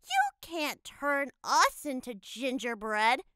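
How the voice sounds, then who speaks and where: A woman's voice: high voice, animated, slow pace, sharp tone, clear, resonant tone, dry recording, studio quality, voice pushed down, full character voice. A woman doing a skeptical young girl twin. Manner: skeptical, a bit dreamy.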